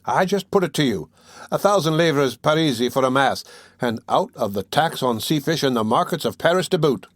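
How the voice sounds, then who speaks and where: A man voicing a sharp-tongued old fishwife who complains sharply. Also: a little high, expressive, moderate pace, no echo. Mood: indignant.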